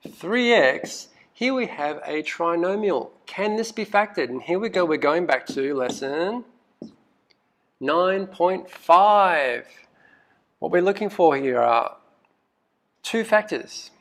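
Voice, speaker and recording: A man's voice: sits high, takes it slowly. A male math teacher walking through a recorded lesson, asking lots of questions, coaxing students and muttering asides as he thinks aloud. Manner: lively, asks questions and coaxes students.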